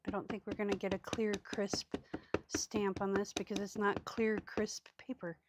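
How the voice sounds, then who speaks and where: A woman's voice: medium pitch, level tone, moderate pace, heavy background noise. A woman hosting a casual crafting video, chatty and self-mocking, often dropping to a murmur as she works. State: hiccups. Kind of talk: casual craft tutorial chat. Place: craft table indoors.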